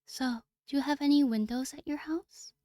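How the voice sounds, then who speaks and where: A calm, playful young senpai girl from a game, as a woman reads her lines. Her voice sits a touch higher and mellow, soft-spoken and gently teasing. The sound is dry and close, with no room around it. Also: normal speed, dry recording, lightly acted.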